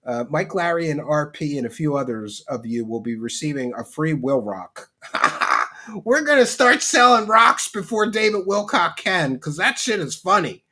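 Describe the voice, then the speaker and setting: A man's voice: fairly high pitch, very animated, bright, forceful tone. A man hosting a livestream, reading chat aloud and joking with mock rants. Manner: mock-ranting, joking, quick to laugh. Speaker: livestream host.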